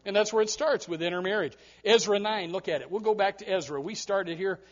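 A man preaching a fiery sermon as pastor, dropping to low asides and then rising to loud preaching, with quick repeated restarts. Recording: dull lo-fi recording.

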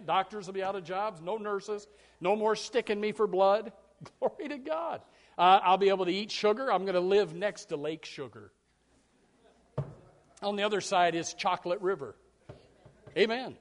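A pastor preaching a sermon, repeating key words for emphasis and stumbling over restarts, swinging from low and quiet to high and loud. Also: male voice.

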